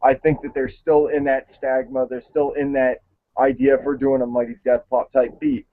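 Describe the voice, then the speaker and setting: A man's voice: mid-range voice, flat delivery, moderate pace. A man hosting a casual chat, conversational and a bit hesitant, with fillers. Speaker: show host. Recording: tinny phone-like line.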